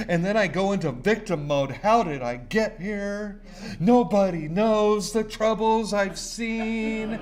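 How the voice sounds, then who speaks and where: A middle-aged man, sharing his recovery story at a meeting in an intense, profane, repetitive way. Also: a little high. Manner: intense, profane, repeats himself. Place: recovery center meeting room.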